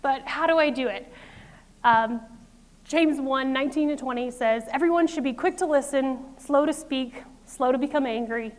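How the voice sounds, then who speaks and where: High-voiced woman preaching a lively sermon. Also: moderate pace. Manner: lively, conversational, acts out inner voices with laughs. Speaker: pastor.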